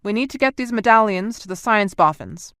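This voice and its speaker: A woman reading the part of a male marine commander who gives clipped, crisp orders in an audiobook. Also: mid-range voice, animated, a little fast, fairly bright tone, dry recording, studio quality, voice pushed up, natural voice. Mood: brisk.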